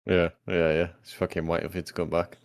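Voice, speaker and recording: A man's voice: low voice, flat delivery, fast talker, creaky, smooth, dry recording, clean studio sound. A man, co-hosting a podcast, talking in a blunt, sweary way. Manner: blunt, sweary, says "innit". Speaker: podcast co-host. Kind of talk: casual chat.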